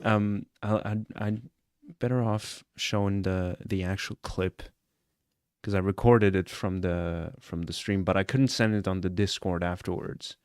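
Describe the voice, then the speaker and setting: A man's voice: deep voice, fairly even intonation, measured pace, a little mellow, clean tone, dry recording, clean studio sound. A man chatting casually on a live stream, earnest and rambling, often checking in with "you know what I'm saying?". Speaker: streamer reacting to a clip.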